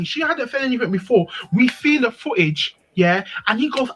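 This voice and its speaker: A woman tells a personal story on a live panel stream. She talks in an animated, emphatic way and leans on repetition to drive each point home. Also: on the high side, brisk, hardly any pauses, a little hiss or hum, rough recording. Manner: animated, emphatic, repeats herself. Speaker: panel speaker.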